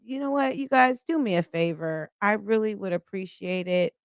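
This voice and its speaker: A woman's voice: mid-range voice, moderate pace, clear, resonant tone, no room sound, studio quality. A woman hosting a casual live stream, chatting and reading viewer comments aloud.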